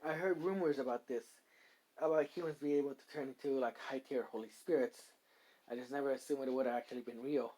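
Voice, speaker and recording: A gentle young woman who speaks softly and thanks those around her, her lines coming out halting and full of restarts. A man reads her in a near-ordinary voice. The delivery sounds like a casual spoken fan story. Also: medium pitch, fairly even intonation, natural voice, low-quality recording. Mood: playful. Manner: halting, with filler words and restarts.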